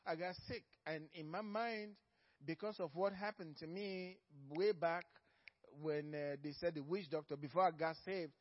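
High-voiced pastor preaching, dull lo-fi recording. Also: male voice, fairly even intonation, moderate pace. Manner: emphatic, repeats key phrases for stress; swings between loud stresses and soft low asides. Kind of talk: sermon. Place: church.

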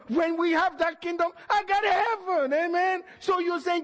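A man preaching a sermon, calling out to the congregation and shouting at the peaks while acting out the voices he quotes. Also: very high-pitched, steady tone, normal speed, few pauses. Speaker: pastor. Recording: church hall reverb.

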